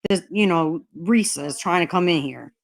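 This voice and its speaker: A woman's voice: lowish voice, expressive, normal speed, creaky. A woman hosting a livestream chat, ranting heatedly and swearing a lot. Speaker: livestream host.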